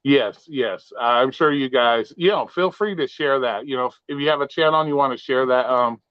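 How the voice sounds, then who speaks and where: A man's voice: medium pitch, moderate pace, smooth, dry recording. Man rambling casually on a lo-fi stream. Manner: loose, profane, rambling. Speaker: live stream host. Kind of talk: casual livestream chat. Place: home bedroom. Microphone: modest home mic. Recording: dull lo-fi home stream audio.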